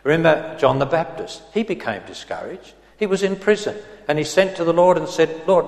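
A man preaching an expository sermon in a gentle, earnest manner, reading scripture aloud in old English. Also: fairly high pitch. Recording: roomy hall with long reverb.

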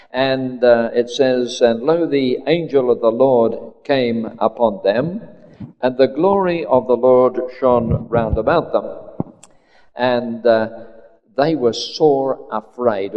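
A man with an Australian accent preaching a sermon in an unhurried, conversational way, with frequent fillers. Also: medium pitch. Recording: dull lo-fi recording with hall reverb.

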